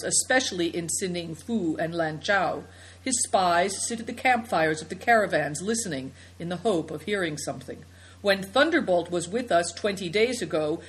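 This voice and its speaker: A woman narrating a children's novel as an audiobook, in an expressive storytelling manner. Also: fairly low pitch, low-quality recording.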